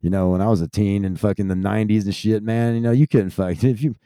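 A man's voice: lowish voice, fairly even intonation, fast talker, dark tone, no echo, studio quality. A man in his thirties who grew up in Texas, ranting casually in a rambling, profane stream. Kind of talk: casual rant.

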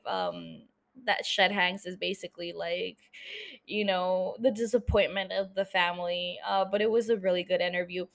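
A young woman in her twenties casually chatting as a podcast host, sprinkling in swears and laughs. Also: medium pitch. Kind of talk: casual chat.

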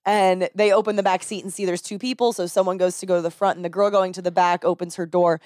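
A woman's voice: on the low side, quick pace, no echo, clean studio sound. A young woman, a rideshare driver, telling a story in casual chat and acting out the people in it. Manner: animated, acts out quoted voices with laughter.

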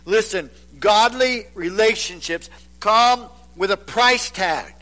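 Preaching slowly in a high-pitched voice, this pastor sinks into near-whispers to drive points home and mimics the voices of reluctant churchgoers.

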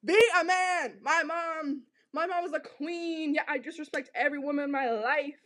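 A giggling, gossipy young show-off of a man, as a woman mocks him. The voice is pitched up very high and squeals with mocking delight. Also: normal speed, fairly bright tone.

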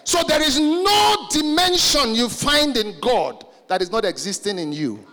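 A man's voice: very high voice, animated, measured pace, slight background noise. A man preaching a sermon emphatically and calling out to the congregation. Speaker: pastor. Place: church hall. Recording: reverberant hall with soft music.

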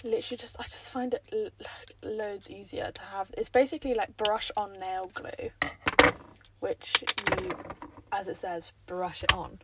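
A young woman rambles through her day on her own podcast, chatting casually and making fun of herself. Her medium-pitched voice is steady at a normal speed, though her throat sounds croaky and she's a bit out of breath, with background noise present.

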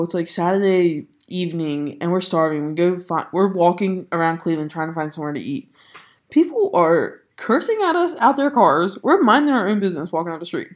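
A young woman from the Baltimore area hosting a casual podcast, stuffy and nasal, rambling excitedly and swearing casually. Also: lowish voice. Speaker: podcast host. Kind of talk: casual chat. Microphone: studio mic.

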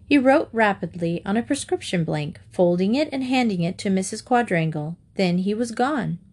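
A woman's voice: medium pitch, lively intonation, normal speed, a little mellow. Woman reading a children's book aloud. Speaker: storyteller.

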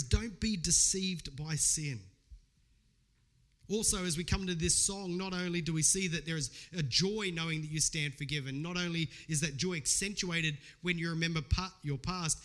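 Middle-aged male pastor, fairly high voice, earnest conversational sermon delivery. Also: a bit bright. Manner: earnest, conversational preaching with personal stories.

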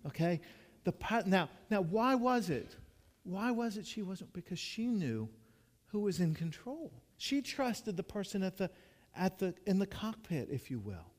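Earnest pastor preaching in a reverberant hall. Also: male voice, high-pitched, sing-song, unhurried. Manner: earnest, storytelling, often restarts and repeats words. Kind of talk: conversational sermon. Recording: long reverb of a large hall.

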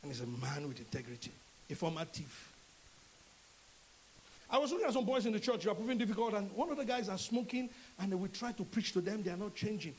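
A middle-aged Nigerian man preaching a sermon as a pastor, animated and acting out dialogue in shifting voices. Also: high-pitched, quick pace, a little hiss or hum, poor audio.

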